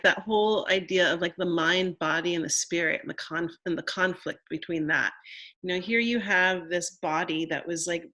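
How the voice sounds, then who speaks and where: A woman's voice: on the low side, moderate pace, bright, forceful tone. A woman co-host reflecting aloud in casual conversation, filling her thoughts with "like" and "you know". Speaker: co-host, storytelling teacher.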